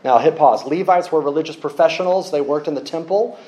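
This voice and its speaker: A man preaching a sermon, lively and joking with the congregation. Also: a little high, a little fast, highs cut off. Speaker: pastor.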